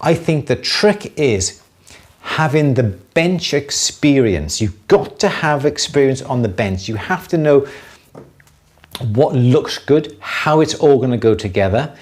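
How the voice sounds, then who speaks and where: A middle-aged man hosting a live jewellery Q&A, explaining techniques step by step in a relaxed way, with many fillers and restarts. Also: mid-range voice, slow. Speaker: jewellery maker answering viewer questions. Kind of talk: live Q&A demonstration.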